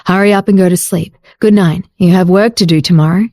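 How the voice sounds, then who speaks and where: A confident, teasing husband speaks low and patiently, as a woman narrator puts him on. The tone is warm and mellow. The recording is dry and close. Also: fairly even intonation, a little fast, no room sound, lightly acted. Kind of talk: audiobook character voice.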